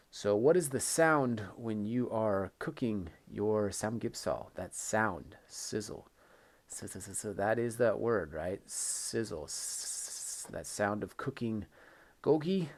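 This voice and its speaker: A man with a fairly low voice leads a recorded English lesson. He talks patiently and keeps repeating the key phrases, leaning on them for emphasis. He sounds like a teacher walking students through the basics. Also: vocal fry, a little mellow.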